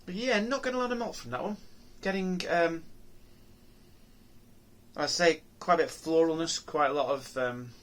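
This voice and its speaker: A man's voice: a little high, normal speed, long pauses, fairly bright tone. A man reviewing beer on his own channel, talking casually and musing aloud with many ums, restarts and rhetorical questions.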